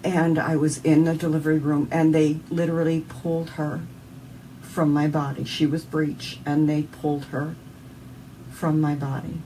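A woman's voice: low-pitched, level tone, normal speed, mellow, recorded from a distance, slight background noise, rough recording. A woman with a Southern US accent sharing an earnest, emotional personal faith testimony as an interview guest.

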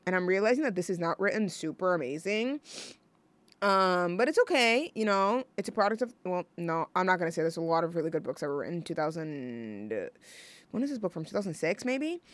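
A woman's voice: fairly low pitch, lively intonation, normal speed, fairly bright tone, no echo. A young woman hosting a college radio show, chatting on her own in a rambling, gushing way full of fillers and restarts. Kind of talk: casual solo radio chat.

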